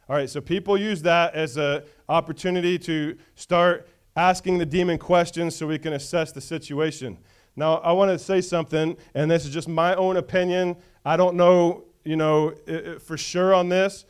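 Guy pastor giving a sermon, kinda high voice, smooth and clear, keeps asking the crowd all right?. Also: steady tone, moderate pace. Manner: conversational preaching, checks in with the congregation.

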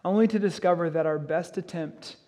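High-voiced man preaching casually. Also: fairly quick, warm tone. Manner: casual, conversational asides mixed with reading scripture. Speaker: pastor. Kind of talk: expository sermon.

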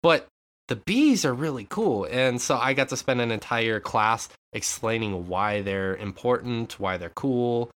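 Young guy on a podcast, bright voice, animated, swears a lot, laughs a bunch. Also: mid-range voice, a little slow. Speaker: podcast co-host. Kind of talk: casual chat.

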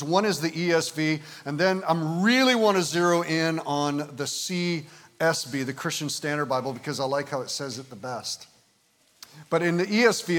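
A man in his fifties, a pastor, preaching a conversational sermon with frequent "and, uh" fillers, slowing down to read scripture. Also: fairly high pitch, fairly bright tone. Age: 50s. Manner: slows and lifts his voice when reading scripture. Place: visiting church service in the evening.

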